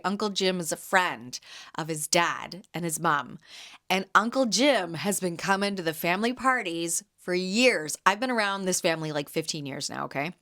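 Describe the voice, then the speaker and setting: A woman in her thirties from Canada, hosting a podcast and telling a chatty story with quick laughs. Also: medium pitch, fairly bright tone. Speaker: podcast host and jam vendor. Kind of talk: casual storytelling.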